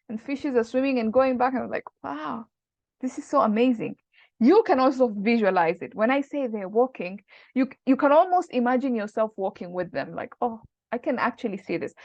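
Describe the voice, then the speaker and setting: A woman's voice: fairly high pitch, a little mellow, dry recording, muffled recording. A woman teaching Arabic grammar in a casual online lesson, explaining patiently and quoting Arabic phrases.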